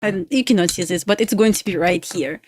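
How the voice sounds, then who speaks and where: A woman's voice: medium pitch, a little fast, darkish tone, no room sound, studio quality. A young woman with a Russian accent chatting on a live trading stream, pleading with the chart and laughing often. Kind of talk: casual live-stream chat.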